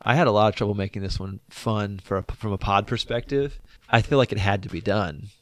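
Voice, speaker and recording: A man's voice: lowish voice, brisk. A man co-hosting a casual film review podcast, talking in a thoughtful, hedging way and restarting his words. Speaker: podcast co-host.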